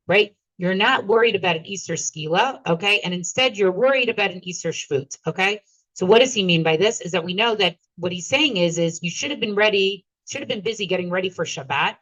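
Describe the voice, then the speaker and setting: A woman's voice: on the low side, fairly bright tone, dry recording. Woman, Talmud teacher, reads and translates line by line, checks in with listeners, muffled lo-fi recording. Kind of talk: Talmud class lecture.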